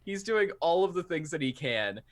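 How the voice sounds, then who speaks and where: A man's voice: a little high, sing-song, moderate pace. A man running a tabletop role-playing game, narrating and joking with many restarts. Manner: laughing, rambling, full of restarts. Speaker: game master.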